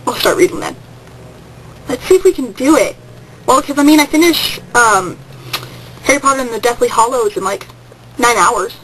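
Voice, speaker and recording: Hyper high-pitched teen girl vlogging. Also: lively intonation, normal speed, pauses often, fairly bright tone, a little hiss or hum, rough recording. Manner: hyper, rambling, swings to squeals. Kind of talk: casual excited vlog storytelling.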